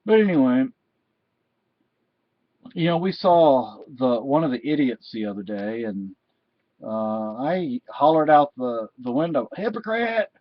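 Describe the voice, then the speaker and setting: A middle-aged man with a medium pitch delivers an indignant, lecturing political rant straight to camera. The sound is dull and lo-fi, and it is dry, with no room echo. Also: animated, unhurried, pauses often. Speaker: vlogger.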